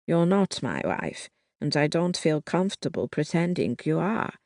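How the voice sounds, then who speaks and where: A narrator voicing a wounded lieutenant who answers firmly and holds back, speaking in a lowered voice. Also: very animated, moderate pace, a little mellow, dry recording, studio quality. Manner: firm, withdrawn. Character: wounded adult male army lieutenant, reserved. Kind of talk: audiobook narration.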